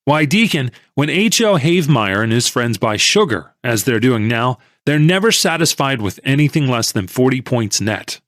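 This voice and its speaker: A man voicing an excited, pushy male stock tipster in an audiobook, insistent and raising his voice. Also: medium pitch, normal speed, hardly any pauses, no room sound, studio quality. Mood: eager, insistent. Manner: insistent, eager, raised voice. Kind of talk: audiobook character reading.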